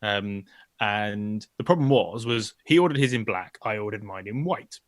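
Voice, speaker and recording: A man's voice: fairly low pitch, normal speed, no echo. Male co-host, rambling and self-deprecating, dry close mic. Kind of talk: casual podcast chat.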